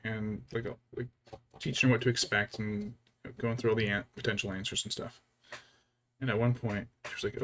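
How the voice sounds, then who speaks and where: A man's voice: on the low side, flat delivery, normal speed, a bit bright, slight background noise. Man thinking aloud over his painting. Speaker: miniature painter. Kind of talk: casual hobby vlog chat.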